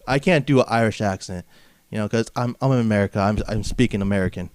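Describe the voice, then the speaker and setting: A man's voice: mid-range voice, moderate pace, a little mellow, clear, resonant tone, no room sound, clean studio sound. A man from Southern California hosting a comedic wrestling podcast, brash and mocking, padding his rants with filler phrases. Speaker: podcast host.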